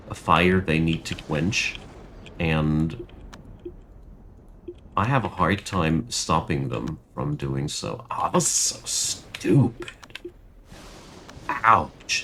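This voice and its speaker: A man's voice: extremely low pitch, a bit bright, a little hiss or hum. A young man commentating his strategy game and ranting in frustration over bad luck. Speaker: gaming channel host. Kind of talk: gameplay commentary.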